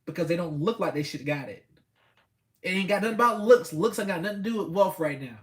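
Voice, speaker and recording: A man's voice: high voice, lively intonation, fast. A man giving a blunt, preachy motivational talk with speech, repeating himself for emphasis. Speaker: host.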